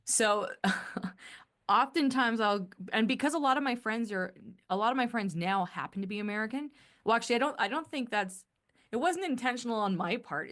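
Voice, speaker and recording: A woman's voice: mid-range voice, a bit bright. Chatty Canadian woman podcast host. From Canada, northern Alberta. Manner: rambling, self-correcting, chatty. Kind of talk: casual solo monologue.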